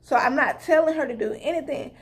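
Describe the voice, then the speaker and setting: Young woman, casual vlog storyteller, lively retelling of conversations, fairly high voice. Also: quick pace. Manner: animated, retelling conversations with lots of "I was like". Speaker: vlogger.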